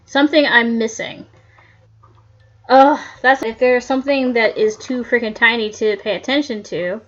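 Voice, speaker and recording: A woman's voice: a little high, fairly even intonation, moderate pace. A woman commentating her own game playthrough, muttering to herself in frustration as she gets stuck. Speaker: gamer. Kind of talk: let's play commentary. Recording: dull lo-fi audio.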